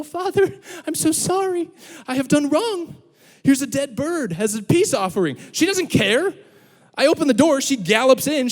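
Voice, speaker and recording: Lively high-voiced young pastor. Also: male voice. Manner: animated storyteller, acts out voices. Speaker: student pastor. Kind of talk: youth sermon with humor. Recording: long hall reverb.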